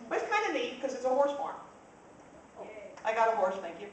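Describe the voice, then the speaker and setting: A woman's voice: a little high, very animated, a little fast. A woman from New Jersey doing a stand-up comedy set, telling brash, profane stories with punchy timing. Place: club room with a laughing audience. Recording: distant, echoey live-room recording. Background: loud crowd laughter and noise.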